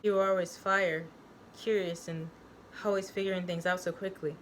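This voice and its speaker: A woman's voice: lowish voice, steady tone, moderate pace, a little hiss or hum, lightly acted, rough recording. A woman reading a story aloud, voicing a tender mother who comforts her son.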